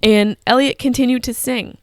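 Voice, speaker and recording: A woman's voice: fairly high pitch, fairly even intonation, normal speed, smooth, no room sound, studio quality. Profane, candid woman in her thirties. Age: 30s. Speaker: podcast host. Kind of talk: personal storytelling.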